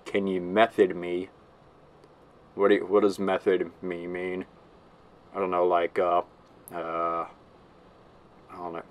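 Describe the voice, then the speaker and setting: A man's voice: deep voice, monotone, takes it slowly, long pauses. A man giving casual gameplay commentary, rambling and giggling as he mocks himself. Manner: rambling, giggly, self-mocking.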